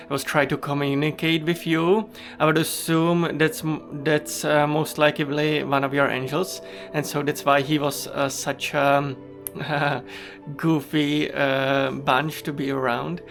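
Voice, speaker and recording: A man hosting a spiritual commentary, earnest and halting, full of ums and uhs. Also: a little high, a bit bright. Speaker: commentary host.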